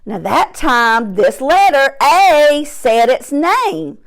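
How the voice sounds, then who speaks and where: A woman teaching a phonics lesson to young children, stretching out sounds and words slowly and clearly while seated at her desk. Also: high voice, big pitch swings. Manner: slow, drawn-out sounds, emphatic. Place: classroom or home desk, seated in chair.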